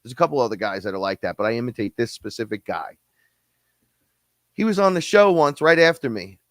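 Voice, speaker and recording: A man ranting in a casual, blunt, profane way on a podcast, quick and heated, often slipping into imitations of other people. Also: medium pitch, expressive, fairly bright tone, no echo. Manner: blunt, profane, fast-talking, mimics others. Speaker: podcast guest-host. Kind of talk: casual rant.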